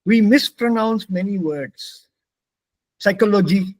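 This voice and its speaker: High-voiced Indian man teaching pronunciation. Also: expressive, no room sound, low-quality recording. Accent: Indian English. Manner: patient, repeats words slowly for students. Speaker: German language teacher. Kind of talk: online class teaching pronunciation.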